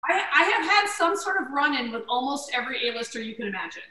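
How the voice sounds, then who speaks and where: A middle-aged woman comedian spins stories in a casual chat. Her voice is high and sharp, and she throws herself into other people's voices. She sits back from the mic in a roomy kitchen with faint noise behind her. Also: fast, distant mic. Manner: animated storyteller who acts out quoted voices. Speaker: guest comedian. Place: home kitchen.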